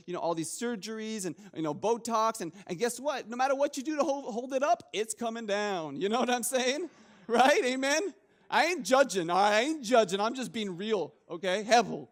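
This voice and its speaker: A young man preaching a casual sermon, joking with the congregation and restarting his sentences often. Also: sits high. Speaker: pastor.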